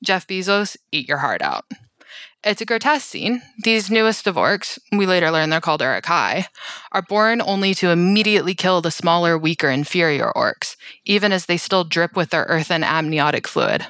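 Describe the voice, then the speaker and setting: Woman doing a snarky movie recap, kinda low voice, super dry close sound. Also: big pitch swings, moderate pace, fairly bright tone, no echo. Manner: wry, sarcastic and theatrical. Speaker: podcast co-host. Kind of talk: comedic scripted recap narration.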